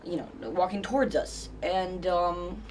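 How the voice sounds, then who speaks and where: A man's voice: high-pitched, steady tone, a little slow, distant mic, slight background noise. A teenage boy vlogger telling a story in a rambling way, with many fillers and restarts. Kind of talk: casual storytelling vlog.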